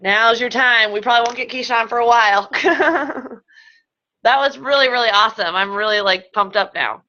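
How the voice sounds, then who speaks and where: A woman's voice: on the high side, normal speed, pushed and bright, lo-fi sound. A woman hosting a conference call, chatty and upbeat, thanking the speaker and inviting questions. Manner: upbeat, chatty, laughs often. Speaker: call host. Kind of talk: casual chat.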